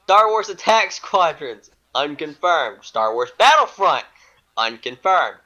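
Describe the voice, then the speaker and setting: Male co-host, bright and animated, unhurried singsong delivery, giggly. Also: on the high side, lo-fi sound. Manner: reads items in a rising-then-falling singsong, laughs often; giggly, self-mocking. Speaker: podcast co-host. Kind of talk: casual chat reading a list.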